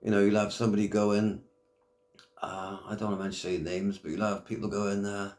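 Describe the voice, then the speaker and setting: A middle-aged man holding forth in a blunt, foul-mouthed rant, his voice sitting fairly low. The sound bounces around an echoey room. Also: flat delivery, brisk, darkish tone. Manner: blunt, heavy swearing, blokey slang. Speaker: YouTube commentator. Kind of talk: casual rant to camera.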